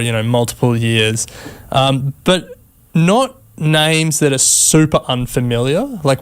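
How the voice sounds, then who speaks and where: A man's voice: mid-range voice, smooth. A man co-hosting a finance podcast, talking in a chatty way and laughing often. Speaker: podcast co-host. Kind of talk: casual chat.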